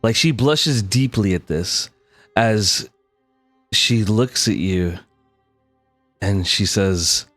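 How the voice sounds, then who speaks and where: A man's voice: on the low side, drawn-out words, pauses often, a bit bright, no room sound, soft background music. A young man narrating a tabletop game as game master, loose and full of fillers.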